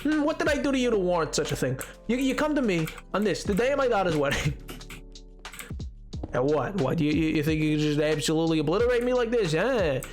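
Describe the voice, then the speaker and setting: A man's voice: fairly high pitch, darkish tone, soft background music, pitched below the performer's own voice, close to an everyday voice. A man putting on the voice of an offended, pushy mobster type who fires off challenging questions. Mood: mock menace. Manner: indignant, rapid challenging questions.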